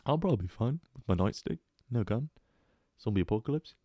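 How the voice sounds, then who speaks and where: A man's voice: mid-range voice, animated, brisk, warm tone, dry recording, dull audio. A man voicing a complacent, unarmed British police officer in a British accent, offhand and breezy. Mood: nonchalant.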